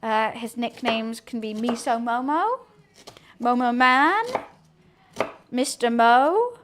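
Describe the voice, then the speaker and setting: A woman's voice: on the high side, slow, noisy background. A woman, streaming casual chat while she cooks at home, rambling to her viewers and her kitten. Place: home kitchen.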